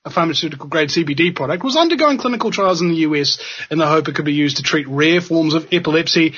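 A man's voice: a little high, expressive, quick pace, a bit bright, husky. A man hosting a talk show, delivering sarcastic and impassioned commentary. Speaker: podcast host. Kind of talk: ranting commentary. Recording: dull lo-fi audio.

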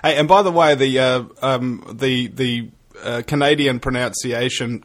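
Kiwi guy on a radio call, rambly, lots of uhs and ums, jokey, middle pitch. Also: a little slow, a bit bright. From New Zealand. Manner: rambling, filler-heavy, joking. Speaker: radio guest and fellow show host. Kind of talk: casual talk radio chat.

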